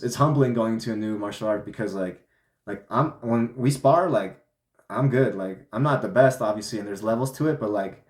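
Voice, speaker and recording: Young male vlogger, low-ish voice, casual candid storytelling, roomy echo. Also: darkish tone. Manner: loose and candid, swearing, full of "like" and restarts. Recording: echoey room.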